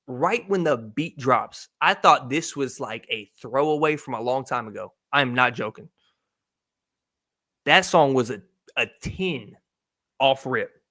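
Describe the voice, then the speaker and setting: Blunt, foul-mouthed podcast host. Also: male voice, fairly high pitch, expressive, slow pace. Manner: blunt, swears freely, jumps between loud and mumbled asides. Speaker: podcast host reviewing an album. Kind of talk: casual profane commentary.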